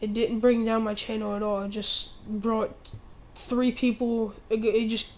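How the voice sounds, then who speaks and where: A teenage girl ranting on her own channel, rambling and halting with many restarts, sounding indignant. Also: fairly high pitch, level tone, a little mellow, poor audio. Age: teens. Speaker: channel owner. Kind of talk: ranting vlog.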